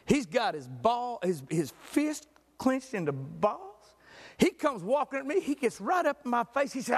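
A man's voice: very high-pitched, normal speed, slightly rough, in a large hall. A man preaching a sermon in a church, telling stories and joking with the congregation. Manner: animated storytelling, jokes with the congregation.

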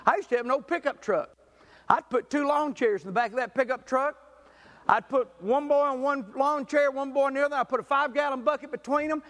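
A middle-aged pastor preaches, telling folksy stories and swinging from loud bursts to hushed asides. His voice sits high for a man. It rings out with a long reverb, as in a large church hall. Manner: folksy, animated storyteller who swings from loud to quiet. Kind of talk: sermon with storytelling.

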